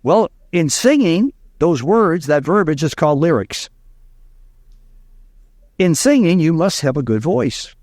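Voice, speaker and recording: A man's voice: fairly high pitch, sing-song, a little slow, pauses often, a little mellow, no room sound, clean studio sound. A man from Louisiana, a speaking coach telling stories in an interview, emphatic and repeating key lines. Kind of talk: interview storytelling.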